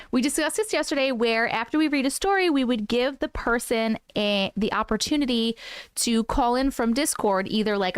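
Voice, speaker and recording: Woman host chatting on a home livestream, laughs a lot, kinda high voice, dry mic. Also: clean tone, no room sound. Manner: chatty, laughs often, coos at her cat. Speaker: host of a live stream. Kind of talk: casual live-stream chat with viewers.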